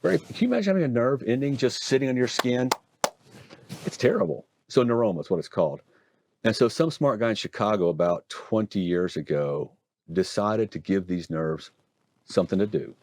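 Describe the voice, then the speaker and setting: A middle-aged man from Oregon, a hand surgeon telling stories and explaining procedures in a folksy, animated interview manner. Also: on the low side, fairly quick, slight background noise. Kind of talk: conversational interview storytelling.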